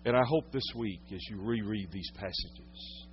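A male pastor preaching a sermon, swinging from hushed, intimate moments to loud, dramatic storytelling. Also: on the low side, unhurried, dull audio, slight background noise.

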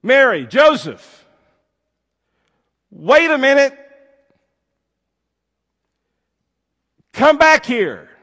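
A man voicing a big nine-year-old boy playing a stern innkeeper in a school play, speaking in a booming, stern way. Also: big pitch swings, takes it slowly, bright, forceful tone, full character voice. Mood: urgent. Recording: long hall reverb.

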